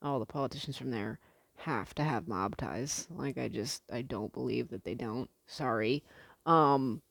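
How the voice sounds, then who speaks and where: A woman's voice: a bass voice, measured pace, gravelly, no echo. A young woman from the Midwest chatting casually to camera as a vlogger, rambling with lots of fillers and the odd swear word.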